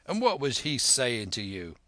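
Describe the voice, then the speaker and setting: A man's voice: medium pitch, wildly swooping pitch, unhurried, pushed and bright, dry recording, heavily acted. A man voicing a cunning one-legged old sea cook who blusters in salty sailor slang. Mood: blustering. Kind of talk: audiobook character reading.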